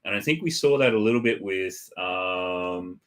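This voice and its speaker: A man co-hosting a casual live-stream chat, with a fairly low voice. He explains his points in a calm, measured way.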